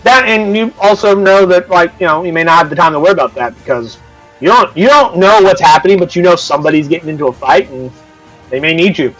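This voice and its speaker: Higher-voiced man running a tabletop game. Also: fast talker, a bit bright, soft background music, rough recording. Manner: casual, profane, explains rules. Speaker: game master.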